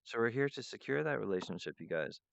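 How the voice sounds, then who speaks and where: This is a man of medium pitch hosting his own show, talking fast and expressively in a gravelly, fairly bright voice. His solo monologue meanders loosely, free-associating from thought to thought. It's captured in a dull, dry, lo-fi recording.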